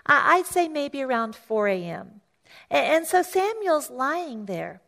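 A woman's voice: sing-song, unhurried, gravelly, fairly bright tone. A woman pastor preaching a sermon, retelling a scripture story in a conversational way, often restarting and repeating words and lifting her voice to act out the characters. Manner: storytelling, acts out voices of the story with raised pitch.

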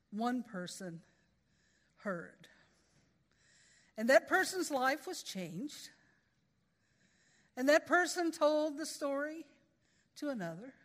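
A woman's voice: a little high, long reverb tail. A woman preaching a sermon in a folksy, conversational way, with storytelling asides.

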